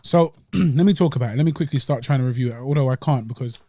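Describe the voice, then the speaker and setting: A man's voice: medium pitch, fast, warm tone, dry recording. Slangy young man, eating on a podcast. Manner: laid-back, slangy and chatty, eating while talking. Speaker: podcast host reviewing desserts. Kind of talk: casual chat.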